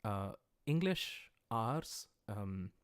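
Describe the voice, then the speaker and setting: Low-voiced American man teaching a livestreamed lesson. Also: expressive, drawn-out words. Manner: patient, plain explanations with frequent "uh" and "um". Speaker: language teacher. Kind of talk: livestreamed lesson, explaining as he writes. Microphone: livestream microphone.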